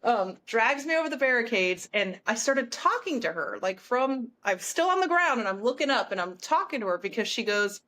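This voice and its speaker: A woman singer, a guest on a podcast, excitedly retelling a story with lots of restarts. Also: a little high, normal speed, few pauses. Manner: animated, breathless retelling with frequent "like" and restarts. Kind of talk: excited storytelling in casual chat.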